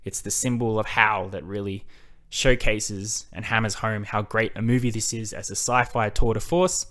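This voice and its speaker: A man's voice: on the low side, steady tone, normal speed, a bit bright. A man hosting a film analysis video, talking in a casual, enthusiastic way and swearing now and then.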